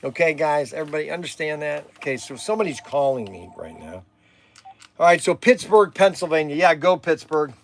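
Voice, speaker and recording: A man's voice: on the high side, lively intonation, brisk, vocal fry. An older man hosting a livestream, rambling and exasperated, sighing while he chats. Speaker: livestream host.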